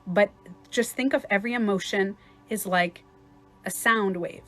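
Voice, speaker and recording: A woman's voice: mid-range voice, a little slow, fairly bright tone, soft background music. A woman life coach in a casual livestream talk, chatty and swearing at times, acting out other people's voices.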